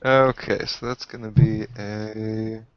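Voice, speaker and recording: A man playing a tabletop game, easygoing, with hammy in-character shouts. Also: on the low side, little pitch movement, takes it slowly, a little hiss or hum. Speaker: player. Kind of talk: casual tabletop play. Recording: muffled, dry home recording.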